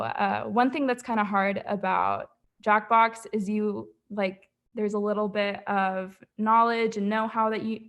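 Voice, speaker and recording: Chatty young woman presenting her work. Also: mid-range voice. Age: young adult. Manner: chatty, lots of "like" and "um" fillers. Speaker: student presenting her portfolio. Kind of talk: casual livestream presentation.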